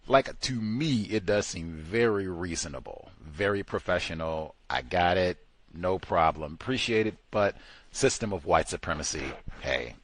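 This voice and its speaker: A man hosting call-in talk radio, animated and mocking, laughing often as he riffs on a caller's story. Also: low-pitched, normal speed, no room sound. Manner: animated, mocking voices of others, frequent laughter. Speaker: radio show host.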